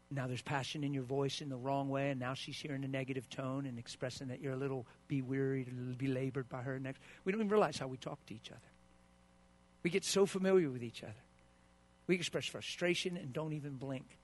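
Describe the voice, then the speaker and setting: Preaching fast in a mid-range voice, a male pastor alternates quiet asides with loud outbursts. He performs the quoted words of husbands and wives as he goes.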